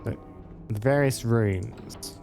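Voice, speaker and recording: A man's voice: mid-range voice, slow pace, gravelly, music in the background. A man hosting a casual let's play, reading the dialogue aloud and adding jokey asides. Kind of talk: game playthrough commentary.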